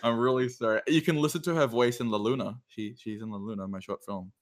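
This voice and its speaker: A young man co-hosting a casual film podcast. He jokes around, gets animated and laughs easily. His voice is mid-pitched and ordinary. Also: fast. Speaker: podcast co-host. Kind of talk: casual chat.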